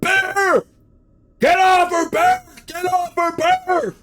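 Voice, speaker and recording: A man acting out a terrified young man yelling. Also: extremely high pitch, sing-song, slow pace, pitched above the performer's own voice, exaggerated voice. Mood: frantic. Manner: frantic yelling.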